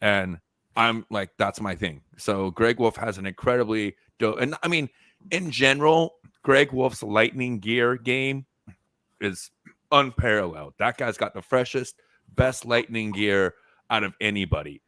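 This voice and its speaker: A low-voiced man talks through a casual fan podcast, loud and joking, piling on the hype. His voice sits close and dry on the mic, with no room around it. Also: a little slow, dry recording. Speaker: podcast co-host.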